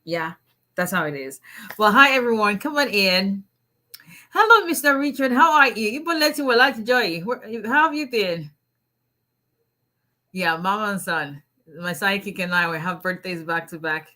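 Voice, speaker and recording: Bright-voiced woman greeting viewers. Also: medium pitch, lively intonation, normal speed. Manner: chatty, greets viewers, laughs often. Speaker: immigration attorney hosting a livestream. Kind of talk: casual livestream chat.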